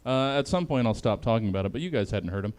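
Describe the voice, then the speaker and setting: A man hosts a comedy panel show from home over a video call. His pitch swings high and low as he jokes, and laughter keeps breaking into his lines. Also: lively intonation, quick pace, a little mellow. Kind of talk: loose comedic hosting.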